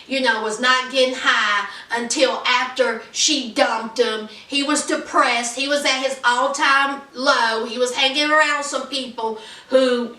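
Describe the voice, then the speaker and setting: A high-voiced woman recaps a reality show in an animated, chatty style and talks right to her viewers. Her tone is bright and sharp. She sits back from the mic in an echoey room. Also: recorded from a distance. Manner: animated, talks straight to viewers, retells scenes. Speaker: recap vlogger.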